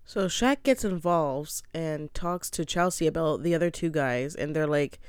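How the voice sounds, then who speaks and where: Smooth-voiced, blunt young reality-show recapper. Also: mid-range voice, unhurried, few pauses, dry recording, clean studio sound. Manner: opinionated, blunt, swears freely. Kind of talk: casual commentary recap.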